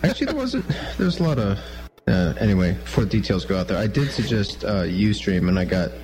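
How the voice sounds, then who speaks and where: A man's voice: fairly low pitch, very animated, fast talker. A man on a casual group podcast who jokes and tells self-deprecating stories. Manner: joking, self-deprecating storyteller. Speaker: podcast co-host.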